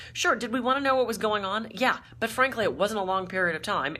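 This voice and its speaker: A tired woman hosting her own vlog from a hotel room, telling a story in a chatty, animated way. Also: lowish voice. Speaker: vlog host and speaker.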